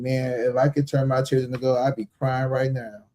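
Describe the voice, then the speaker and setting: A man's voice: medium pitch, fairly even intonation, brisk, few pauses, mellow, rough recording. A man hosting a live tarot-reading stream, chatting bluntly and emphatically with frequent swearing.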